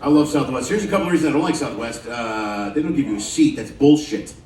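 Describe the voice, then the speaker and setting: A man's voice: medium pitch, expressive, fast talker, a little mellow, reverberant, far from the mic. A man doing stand-up comedy in a show lounge, loose and profane, teasing the audience between jokes. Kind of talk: stand-up comedy with crowd work. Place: cruise ship show lounge with a live audience. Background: audience laughter.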